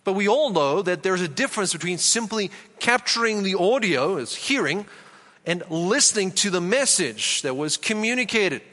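High, bright-voiced preacher in a reverberant hall. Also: male voice, expressive. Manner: earnest, deliberate preaching with emphatic repeats. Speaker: pastor. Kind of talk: sermon.

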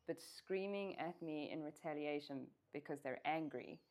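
A woman's voice: sits low, moderate pace, a little mellow. A woman co-hosting a parenting discussion, speaking in a frank, matter-of-fact way. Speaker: co-host, parent.

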